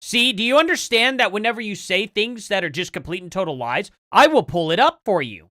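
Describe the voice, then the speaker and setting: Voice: mid-range voice, lively intonation, a little fast, bright, forceful tone, dry recording, studio quality. A livestream host giving live reaction commentary, arguing back point by point and demanding proof.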